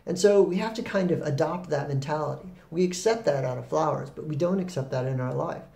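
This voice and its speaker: Guy talking through ideas, gravelly mellow voice, kinda echoey room, lots of ums. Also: fairly high pitch, brisk. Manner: relaxed, rambling, with fillers and restarts. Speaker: spiritual talk host. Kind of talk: reflective spoken talk.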